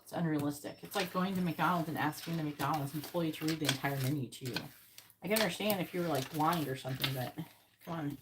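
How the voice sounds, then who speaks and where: A woman's voice: sits low, quick pace, noisy background. A woman hosting a live tarot stream, chatting casually and bluntly with viewers and swearing freely. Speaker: tarot reader host.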